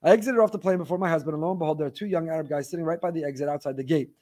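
A man teaching a Torah class, reading listener emails aloud in an animated storytelling way with wry asides. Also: fairly high pitch, rapid-fire.

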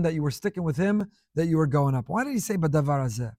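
A middle-aged man delivers an impassioned sermon, voice rising and falling sharply in loudness. His voice sits somewhat high for a man. The recording is dry and close. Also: lively intonation, quick pace, few pauses, no echo. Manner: impassioned, dramatic swings in volume. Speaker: rabbi.

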